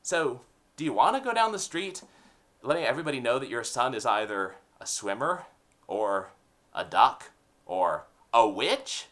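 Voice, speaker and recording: A man's voice: medium pitch, sing-song, normal speed, a bit bright. A man hosting a comedic rant show, opinionated and full of sarcastic puns. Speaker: host.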